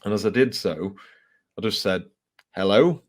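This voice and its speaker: In a relaxed interview, an English author recounts ghost stories at a moderate pace, his voice on the low side. He's lively in the telling, with frequent laughs and fillers.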